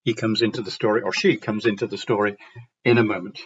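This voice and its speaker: Man giving a measured talk on reading aloud. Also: fairly low pitch, fairly even intonation, lo-fi sound. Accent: Yorkshire. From Yorkshire, northern England. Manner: measured, clear diction, storytelling lilt. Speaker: conference speaker on reading aloud. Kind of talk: lecture with read-aloud examples.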